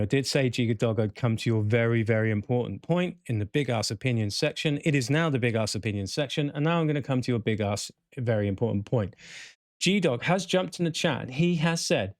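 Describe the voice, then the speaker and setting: A man hosts a live podcast in a chatty, rambling way, correcting himself as he goes and reading out viewer comments. His mid-range voice is creaky, and the sound is clean studio quality with no echo.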